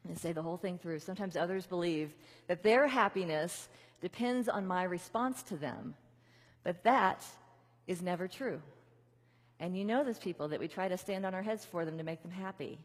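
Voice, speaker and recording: A woman's voice: on the low side, normal speed. A woman minister giving a conversational sermon, leading her congregation in repeated affirmations. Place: large church venue. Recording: reverberant hall.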